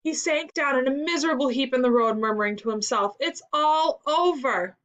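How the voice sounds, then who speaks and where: Woman narrator for a school read-aloud, expressive storytelling, fairly high voice, dull lo-fi recording. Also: fast. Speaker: story reader in a school reading lesson.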